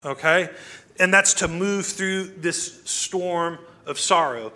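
Male pastor, higher voice, conversational sermon, asks rhetorical questions. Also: sharp tone.

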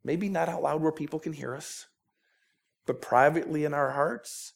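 Pastor with a Minnesota accent, earnest sermon delivery, stumbles and repeats as he pleads; voice sits a bit high. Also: moderate pace, vocal fry.

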